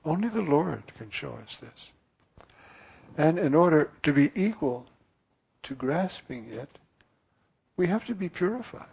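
A priest giving an earnest, musing sermon, often pausing with fillers. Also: male voice, a little high, expressive, creaky, a little mellow, breathy edge.

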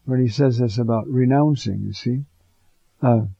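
A priest preaching an informal homily, conversational and digressive, often pausing with fillers and asides. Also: male voice, mid-range voice, gravelly, mellow, no room sound, lo-fi sound.

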